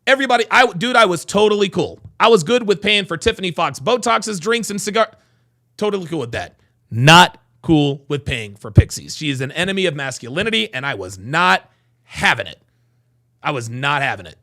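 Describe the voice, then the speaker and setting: Guy on a livestream reading chat, swears a lot, high lively voice with gravel in it. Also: a little fast. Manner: animated, profane storytelling.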